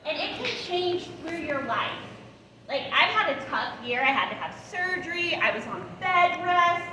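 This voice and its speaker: Here her delivery is sing-song and at normal speed: a high-voiced, middle-aged woman speaking on attachment to foster and adoptive parents, adding "right?" and "all right?" and voicing soothing words as if to a child. A far-off room mic in the big hall leaves the sound echoey and noisy.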